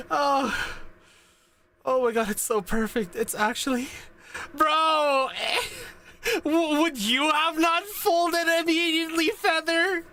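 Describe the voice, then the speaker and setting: Giggly high-voiced young woman streamer. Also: slow pace, fairly bright tone, slight background noise. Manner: giggly, laughs a lot, swears casually. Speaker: VTuber streamer. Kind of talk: casual live-stream reaction.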